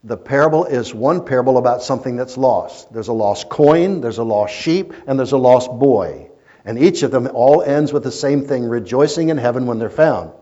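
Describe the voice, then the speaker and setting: A man preaching a sermon as a pastor, telling stories and swinging between loud emphasis and quiet asides. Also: medium pitch, animated, normal speed. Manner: storytelling preacher, rising and falling in intensity. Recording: muffled lo-fi recording.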